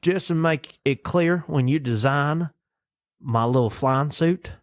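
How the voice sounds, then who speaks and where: A man's voice: a little high, takes it slowly, no room sound, studio quality. A man voicing a proud, stubborn space cowboy. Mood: insistent.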